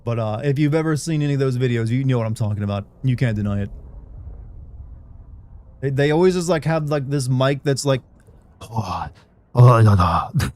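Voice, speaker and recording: A man's voice: medium pitch, fairly quick, pauses often, dark tone. A young man chatting casually on a livestream, rambling and candid as he talks to his viewers.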